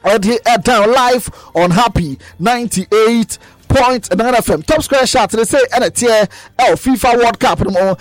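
A man with a Ghanaian accent presenting radio sports news, telling stories with lively mimicked quotes. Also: extremely high pitch, unhurried, no echo, soft background music.

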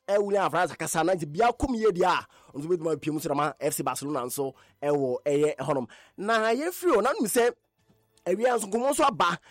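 High-voiced Ghanaian sports presenter, dry. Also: male voice, no room sound. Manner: animated, emphatic repetitions. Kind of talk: radio sports news roundup.

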